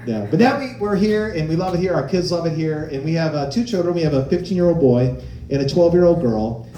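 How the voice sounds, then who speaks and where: Animated stand-up comic, mellow roomy voice. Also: male voice, fairly high pitch, fairly quick, slight background noise. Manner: animated storytelling, acting out quoted voices. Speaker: stand-up comedian. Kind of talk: stand-up comedy. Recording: roomy live-venue sound.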